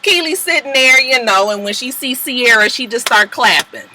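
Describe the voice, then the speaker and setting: A woman's voice: high voice, moderate pace, noisy background. A woman casually recapping a reality show episode for viewers, chatty and profane, acting out what people said. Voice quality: animated storyteller who acts out quotes in exaggerated voices and laughs often. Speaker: TV episode reviewer.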